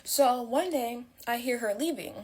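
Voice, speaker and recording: A woman's voice: on the high side, unhurried, darkish tone. A young woman telling a story casually, chatty with lots of fillers and dramatic swings in her voice.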